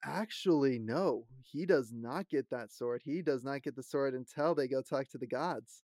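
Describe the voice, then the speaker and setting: A man's voice: mid-range voice, normal speed, a little mellow, no room sound, clean studio sound. A man co-hosting a casual podcast chat about a fantasy show, laughing often and squealing out quotes. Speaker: podcast co-host.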